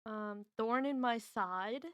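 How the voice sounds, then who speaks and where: Taking it slowly, a woman with a fairly high, clean voice chats on a stream at home while solving word puzzles, musing over guesses and teasing others around her. The sound is studio quality with no room noise.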